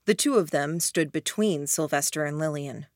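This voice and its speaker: A woman narrating an audiobook in a hushed, even reading voice. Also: deep voice, normal speed, no echo, clean studio sound. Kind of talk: scripted narration.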